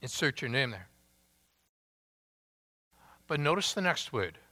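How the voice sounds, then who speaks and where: A man preaching a sermon as pastor, emphatic and deliberate, asking the congregation rhetorical questions. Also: medium pitch, very animated, pushed and bright, big-room sound.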